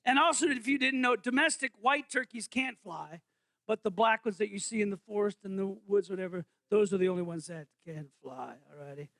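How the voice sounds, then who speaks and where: A man's voice: high-pitched, brisk, fairly bright tone. A male pastor giving a playful, interactive sermon in a church, quizzing the congregation. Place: church sanctuary.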